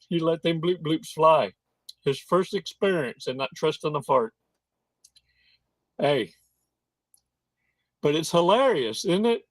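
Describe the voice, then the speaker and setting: A man's voice: a little high, no echo. A man hosting a casual monologue in a folksy, slangy manner, stretching words out for emphasis. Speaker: host.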